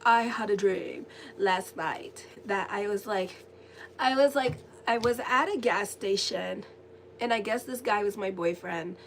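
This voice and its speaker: A woman astrologer giving a casual, rambling tarot and horoscope reading, chatty and quick to laugh. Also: medium pitch, slight background noise.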